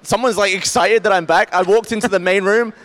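A man's voice: high voice, fairly even intonation, a little fast, fairly bright tone. A man, a regular on the show, telling a casual anecdote in a chatty way. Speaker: podcast regular. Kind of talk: casual storytelling.

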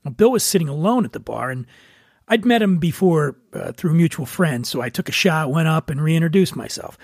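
Gravelly host telling a wry story. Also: male voice, fairly high pitch, a little fast, no echo, studio quality. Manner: relaxed, wry, conversational. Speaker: podcast host. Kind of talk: storytelling monologue.

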